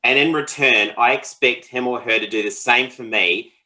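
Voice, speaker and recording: A man co-hosting a podcast, talking in a relaxed, rambling conversational way and laughing often. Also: medium pitch, moderate pace, poor audio. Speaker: podcast co-host. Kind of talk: casual conversational podcast chat.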